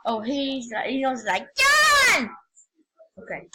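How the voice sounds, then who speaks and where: A woman giving casual, rambling game commentary, excitable and prone to sudden yelps and shouts. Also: high voice, slow pace, background noise. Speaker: gamer.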